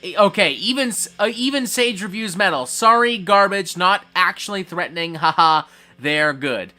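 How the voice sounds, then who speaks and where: Guy streamer reading chat out loud, swears a ton, bouncy up and down voice, bright tone, faint music behind. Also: high-pitched, animated, normal speed. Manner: profane, reacts loudly to chat messages. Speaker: livestream host reading chat. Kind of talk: casual drinking-party livestream chat.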